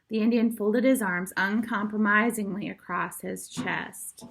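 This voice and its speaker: A woman reading a children's novel aloud as storyteller, expressive, greeting her listeners and correcting small slips as she goes. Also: medium pitch, normal speed, vocal fry, few pauses.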